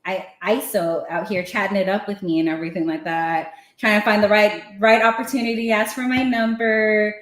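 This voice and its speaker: A woman's voice: mid-range voice, moderate pace, hardly any pauses, roomy sound. A woman telling a story in casual chat, laughing often and acting out what people said. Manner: animated, laughing, acting out quotes. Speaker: podcast guest.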